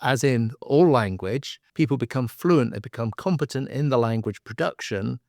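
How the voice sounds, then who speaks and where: A man's voice: mid-range voice, animated, normal speed, gravelly, a little mellow, no room sound, studio quality. A man hosting a podcast, thoughtfully building his points and often repeating words as he goes. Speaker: podcast host. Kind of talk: explanatory podcast conversation.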